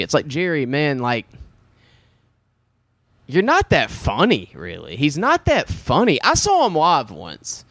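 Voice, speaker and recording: Casual podcast host, a man with a lively, swooping delivery, dry close sound, loose and sweary. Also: fairly high pitch, no room sound. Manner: rambling, profane, animated. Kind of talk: casual chat.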